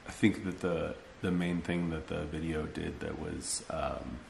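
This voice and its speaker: A man speaking in an interview, measured and a little hesitant. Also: a bass voice, fairly even intonation, gravelly, darkish tone, reverberant, slight background noise.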